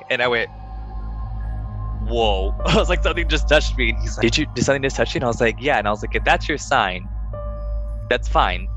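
A young man casually telling a ghost story to friends, animated and acting out the voices he quotes. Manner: animated, acts out quoted voices in higher pitch.

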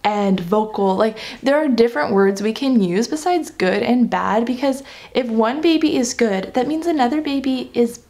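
A woman's voice: on the high side, moderate pace, darkish tone. A young adult woman talking earnestly and reflectively in a casual vlog about parenting, with frequent "you know" and "like". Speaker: parenting vlogger.

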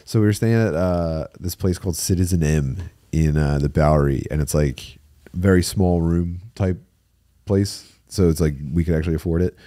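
A man co-hosting a comedy podcast, telling a story in a casual, animated way and laughing as he goes. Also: low-pitched, normal speed, no echo, studio quality. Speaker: podcast co-host.

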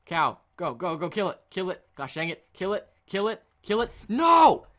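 Excitable man doing jokey game commentary. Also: high-pitched, fairly quick. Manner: excitable, jokey, mock-dramatic outbursts. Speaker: gaming video creator. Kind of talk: casual gameplay commentary.

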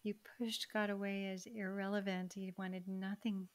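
A woman's voice: medium pitch, little pitch movement, moderate pace. A woman hosting an interview podcast, reflective and affirming as she responds to her guest. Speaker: podcast host. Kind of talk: interview conversation.

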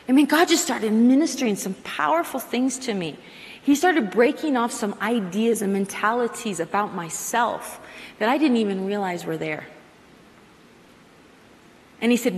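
Animated woman preaching in a reverberant hall. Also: fairly high pitch, moderate pace. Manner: animated, acts out prayers in quoted asides. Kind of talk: sermon. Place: large hall with live audience.

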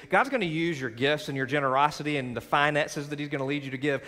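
A man's voice: a little high, fast, few pauses, bright, forceful tone. A male pastor preaching a sermon to his church, with rising emphasis and call-and-response moments. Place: large church sanctuary. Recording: sanctuary with long reverb.

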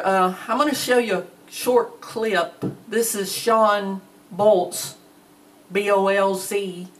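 A woman's voice: medium pitch, far from the mic, rough recording. A woman teaching a Bible lesson in a plainspoken, conversational way. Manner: slow, plainspoken, conversational with fillers.

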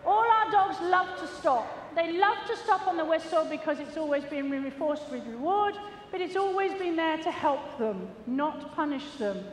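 A woman's voice: very high-pitched, lively intonation, moderate pace. A woman, a gundog trainer giving a chatty, jokey, self-mocking commentary during a live arena demonstration. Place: large indoor show arena. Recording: echoey hall with long reverb, faint noise.

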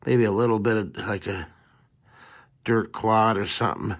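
A man's voice: fairly low pitch, fairly even intonation, normal speed. A man hosting a live drawing lesson, chatting cheerfully with viewers and answering their comments as he sketches. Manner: chatty and upbeat, talking to viewers while sketching. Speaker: drawing teacher and show host.

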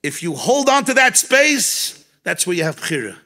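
A man's voice with a gravelly edge and a bright, forceful tone, sitting a little high for a man. He speaks as a rabbi at a farbrengen, animated and storytelling, weaving Yiddish and Hebrew words into his English. He sounds like he is talking to a room of listeners at a home gathering. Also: moderate pace. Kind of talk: farbrengen talk.

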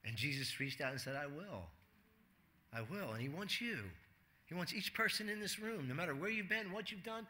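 A man with a notably high, very bright and forceful voice delivers a sermon in a church. He talks to the congregation casually, tosses questions out to the room, and slips into quoted voices to make his points. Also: lively intonation, a little fast. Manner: conversational preaching, asks the congregation questions, acts out quotes. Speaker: pastor.

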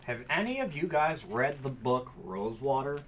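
A man's voice: medium pitch, sing-song, moderate pace, a little hiss or hum. A man hosting a card break, chatting casually and calling out cards between stories. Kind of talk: casual chat while opening card packs.

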